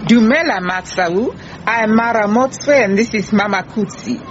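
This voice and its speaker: Radio drama: an actress doing a firm, patient detective, muffled sound. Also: female voice, mid-range voice, measured pace, close to an everyday voice. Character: calm firm woman detective. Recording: muffled with faint hiss.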